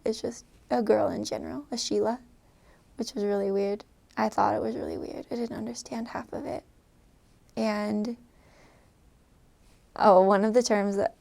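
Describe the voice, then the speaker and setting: A woman's voice: mid-range voice, vocal fry, warm tone. A young woman from the United States casually telling stories to camera in an amused, chatty way. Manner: chatty, amused, often laughing. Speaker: vlogger recalling life abroad.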